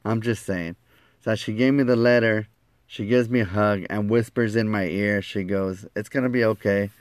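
A man telling a personal story in a lively way, acting out the quoted lines and laughing at himself. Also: lowish voice, normal speed, dry recording.

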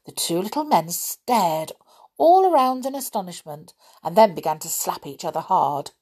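A woman narrating a children's storybook in an expressive, animated way. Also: lowish voice, moderate pace, husky.

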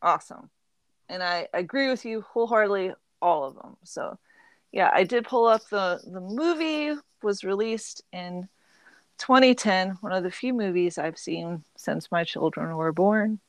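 A woman in her thirties hosting a casual book club podcast, chatty and quick to laugh. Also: medium pitch, clean tone, no room sound. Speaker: podcast host.

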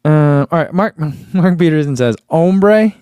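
A man's voice: fairly high pitch, moderate pace, a little mellow, smooth, no echo. A man reviewing running gear in a casual live chat, musing aloud with fillers and reading out viewer comments.

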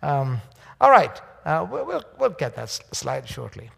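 A man speaks as a guest preacher to a church congregation. His voice sits a little high and has a gravelly edge. He rambles, pausing on fillers and restarting his sentences, and the sound carries the long reverb of a church hall. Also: huge pitch swings, a bit bright. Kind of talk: church sermon. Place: church sanctuary.

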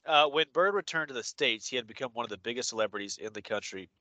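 A man's voice: medium pitch, expressive, fast, bright, forceful tone, no room sound. Blunt, joking male podcast co-host. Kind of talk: casual chat.

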